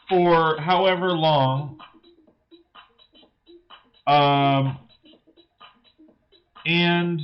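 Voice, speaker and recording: A man hosting a livestream, telling a frustrating story in an exasperated, rambling way with lots of fillers. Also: high-pitched. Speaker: livestream host building with toy bricks. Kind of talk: casual livestream chat. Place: indoors in his hobby room. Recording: dull lo-fi sound, faint music behind.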